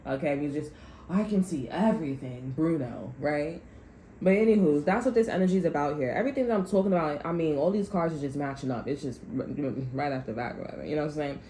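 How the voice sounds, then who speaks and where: A woman's voice: low voice, fast talker, dark tone. A woman giving a rambling, profane, heated tarot reading in a casual monologue. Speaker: tarot reader. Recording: echoey room, faint background noise.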